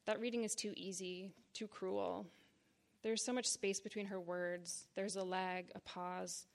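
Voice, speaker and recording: A woman in her thirties reads her own memoir aloud at a live event, her mid-range voice catching on a gravelly fry at the ends of phrases. She takes it slowly, phrase by phrase, blunt and frank. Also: mid-range voice, flat delivery. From Boston area, United States. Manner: deliberate, measured reading in short phrases with blunt frankness. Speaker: writer reading her own work. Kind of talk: live literary reading of personal memoir. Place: reading series event before an audience.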